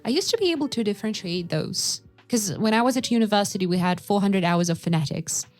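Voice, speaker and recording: A woman from Russia, co-hosting a casual podcast chat and telling lively anecdotes with quoted dialogue. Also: mid-range voice, fast, soft background music. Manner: animated storyteller who acts out quoted dialogue. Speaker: podcast co-host, English teacher.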